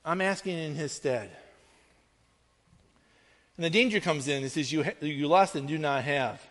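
A male pastor preaches his sermon in an earnest, conversational style, regularly checking in with listeners by tossing in a quick "right?". His voice is fairly high-pitched and fairly bright, and it carries through a large hall.

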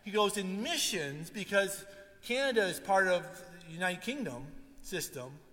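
Preaching at a normal pace in a high voice, this male pastor delivers a sermon full of animated stories. He performs people's words himself, and the recording has a long hall reverb.

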